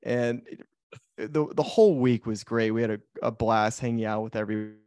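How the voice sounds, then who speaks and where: A man's voice: medium pitch, moderate pace, darkish tone. A man hosting a podcast, teasing his guest in a playful way and setting up stories with casual questions. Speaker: podcast host, pro golfer. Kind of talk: casual interview chat.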